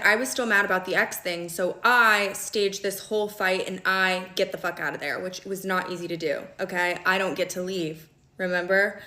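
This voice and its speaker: A young woman recounts a personal story straight to her viewers, talking quickly and with emphasis. Her voice sits on the low side for a woman, and the room gives it a noticeable echo. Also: pushed and bright. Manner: emphatic, fast, checks in with "okay?" often. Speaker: storytime vlogger. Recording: echoey room.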